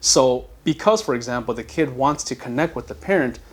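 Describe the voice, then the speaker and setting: A man's voice: medium pitch, lively intonation, brisk, husky. A man, a podcast guest, explaining mental health patiently with examples in a casual conversation. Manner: explains patiently with examples, acts out quoted lines.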